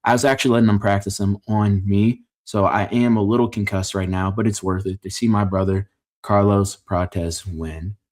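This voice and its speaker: A man's voice: fairly low pitch, fairly even intonation, moderate pace, a little mellow. A man hosting a casual fight-card reaction, opinionated and joking, often stopping to correct himself mid-sentence. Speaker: MMA fight reaction host.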